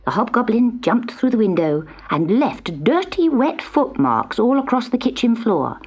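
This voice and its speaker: Husky woman reading a storybook tape. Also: fairly high pitch, measured pace. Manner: gentle, expressive storytelling. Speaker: narrator.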